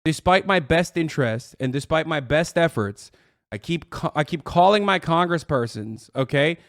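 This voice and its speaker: A man with a fairly high voice reacts to a video, scoffing and swearing through sarcastic rants. The sound is dry and close to the mic. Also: lively intonation, normal speed, a bit bright, no echo. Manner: mocking, sarcastic, heavy swearing. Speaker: streamer reacting to a clip. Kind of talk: profane reaction commentary.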